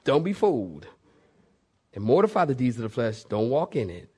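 A male pastor preaching a sermon in a lively, playful way, acting out bits of the story. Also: mid-range voice, moderate pace, breathy edge. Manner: animated, playful, acts out voices.

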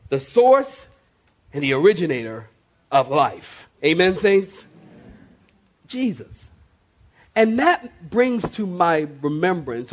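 A male pastor, preaching a sermon to his congregation with emphatic, slowly stressed words. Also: on the high side. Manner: emphatic, dramatic slow stresses, addresses the congregation. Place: church before a congregation.

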